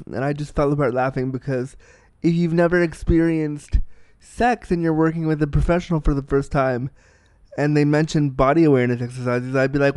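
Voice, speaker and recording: A man's voice: fairly high pitch, steady tone, fairly quick, darkish tone, clear, resonant tone, dry recording. A man in his thirties giving a candid, casual film review, blunt and profane, with self-deprecating asides.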